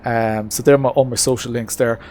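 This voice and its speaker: A man chatting casually on a live stream from his home racing setup, relaxed and talkative, answering chat with many hesitations. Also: mid-range voice, fairly quick. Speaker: streamer racing in a sim-racing league.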